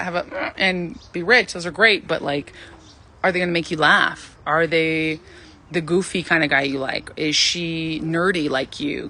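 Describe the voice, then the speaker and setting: A woman in her thirties hosting a livestream, giving casual, animated dating advice and acting out the voices she quotes. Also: lowish voice. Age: 30s.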